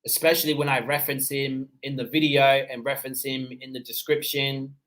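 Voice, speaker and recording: A man with an Australian accent tinged by his parents' Seychellois English, hosting a casual livestream, chatting and answering viewer comments in a relaxed way with easy laughs. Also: mid-range voice, brisk. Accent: Australian, mixed with his parents' Seychellois English. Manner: relaxed and conversational, with easy laughs and frequent fillers. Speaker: livestream host.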